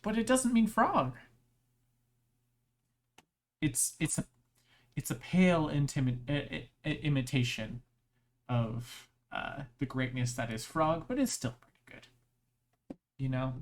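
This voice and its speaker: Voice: mid-range voice, lively intonation. A live streamer chatting casually, rambling playfully with frequent restarts and laughter. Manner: halting, with many restarts.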